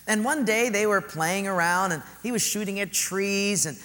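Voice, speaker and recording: A man's voice: high-pitched, moderate pace. Man preaching in an echoing hall. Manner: storytelling, soft and earnest. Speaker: pastor. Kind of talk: sermon.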